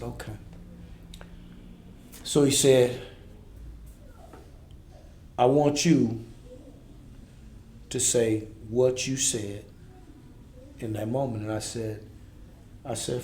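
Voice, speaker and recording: A man's voice: mid-range voice, slow, long pauses, warm tone. A man in his forties, a podcast guest, telling a raw, intense personal story in blunt street-inflected speech. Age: 40s. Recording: echoey room.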